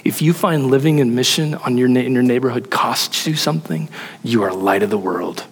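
A man preaching a sermon in an animated, emphatic way, asking rhetorical questions. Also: medium pitch, a little fast, husky, long reverb tail. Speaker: pastor.

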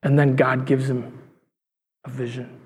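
A man's voice: mid-range voice, flat delivery, unhurried, darkish tone, breathy edge. A man in his thirties preaching a sermon as a pastor, telling a story and acting out the voices in it. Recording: long hall reverb.

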